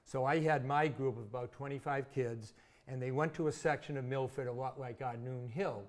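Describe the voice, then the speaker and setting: A man's voice: mid-range voice, moderate pace. A man in his sixties from Massachusetts, a former teacher telling vivid, self-mocking stories as an interview guest. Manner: chatty, vivid anecdotes with self-deprecating humor. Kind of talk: casual storytelling in an interview.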